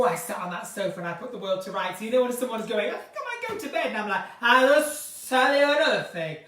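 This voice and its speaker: A woman hosting an unscripted live chat, giggly and rambling from one topic to the next. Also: mid-range voice. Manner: giggly, chatty, drifts between topics. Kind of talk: chatty unscripted live stream. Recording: echoey room, somewhat far from mic.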